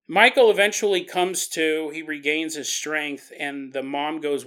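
A man hosts a paranormal podcast and retells the story in a casual, animated way. His voice is bright and sits a little high. He keeps the narration lively and conversational. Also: unhurried, hardly any pauses. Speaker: podcast host.

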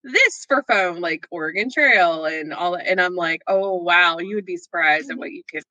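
A woman's voice: on the low side, normal speed, pushed and bright, no room sound, muffled recording. An older woman co-hosting a podcast, chatting playfully and joking about herself. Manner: playful, self-deprecating. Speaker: podcast co-host. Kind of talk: casual chat.

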